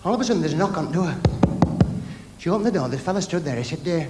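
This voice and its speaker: A man telling quick jokes in a stand-up routine, switching voices for the punchlines. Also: sits high, big pitch swings, a little mellow, a little hiss or hum. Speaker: stand-up comedian. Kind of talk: stand-up comedy on a televised talent show. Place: theatre stage with a live audience. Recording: old TV broadcast from a big hall with audience.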